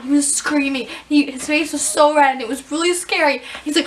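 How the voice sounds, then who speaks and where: A young woman vlogging, telling embarrassing stories in a giggly, animated way and acting out the scenes. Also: high voice, brisk, very noisy. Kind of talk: casual storytelling vlog.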